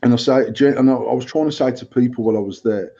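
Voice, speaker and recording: A man's voice: medium pitch, quick pace, vocal fry, mellow, husky. A man co-hosting a casual podcast, rambling and swearing as he repeats himself. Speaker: podcast co-host. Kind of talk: casual chat. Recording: dull lo-fi sound.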